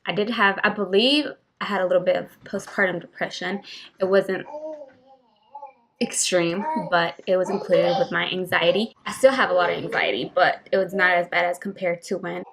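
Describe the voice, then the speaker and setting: A woman's voice: on the low side, steady tone, normal speed, a bit bright, slight background noise. Young woman sharing a candid vlog story. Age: young adult. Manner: candid, switches between English and Spanish mid-sentence; emotional, emphatic retelling. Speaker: vlogger.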